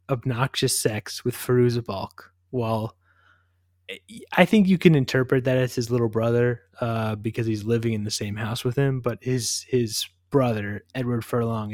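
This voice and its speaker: A man's voice: mid-range voice, normal speed, dry recording, clean studio sound. A man co-hosting a casual movie podcast, talking loosely with lots of "like" and "kind of". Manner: relaxed, heavy use of "like" and "kind of". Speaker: podcast co-host.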